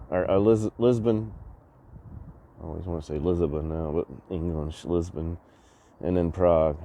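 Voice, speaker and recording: A man's voice: low voice, dark tone. A man vlogging outdoors in a city, telling a rambling story, swearing, laughing a lot and mimicking the people in it. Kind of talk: rambling travel story while exploring a city.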